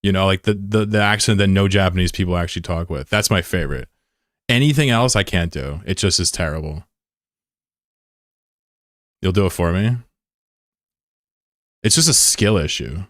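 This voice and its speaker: A man's voice: deep voice, normal speed, pauses often, dry recording, clean studio sound. A man streaming his reaction to a video, making crude jokes in casual banter.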